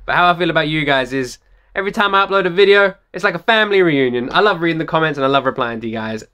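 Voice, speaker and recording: A man hosting a reaction video, talking excitedly, repeating phrases and swearing freely. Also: fairly high pitch, rapid-fire, smooth.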